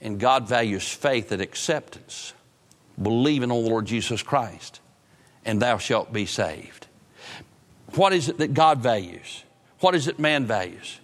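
A man preaching a sermon, swinging from loud outbursts to low, drawn-out phrases. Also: very animated. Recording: long hall reverb.

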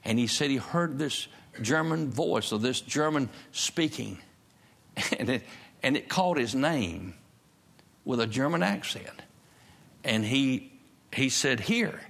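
A man's voice: medium pitch, a little slow, vocal fry, long pauses, fairly bright tone. A man preaching a sermon in a church service, emphatic and repeating his key phrases. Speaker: pastor.

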